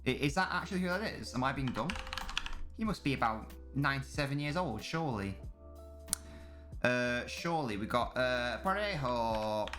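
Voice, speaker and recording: A man's voice: mid-range voice, lively intonation, normal speed, music in the background. A young man, a live streamer, chatting casually and swearing as he reads and answers messages from his chat during a football watch-along.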